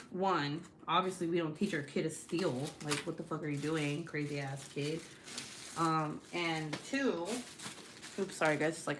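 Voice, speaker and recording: Woman, 30s, crafting-stream host; unhurried, foul-mouthed chatter. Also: on the low side, fairly bright tone, a little hiss or hum. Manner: profane, rambling storyteller. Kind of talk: casual chat while crafting.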